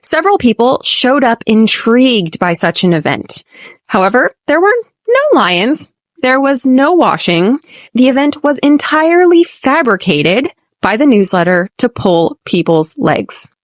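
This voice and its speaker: An American woman hosting an English lesson podcast, speaking clearly and deliberately and modeling phrases slowly for repetition. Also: a little high, very animated, dry recording, clean studio sound. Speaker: podcast host and English teacher.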